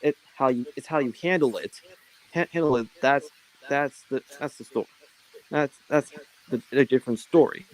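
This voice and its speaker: A man from California chatting on a stream panel, halting with many restarts. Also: mid-range voice, rough recording. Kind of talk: casual podcast chat.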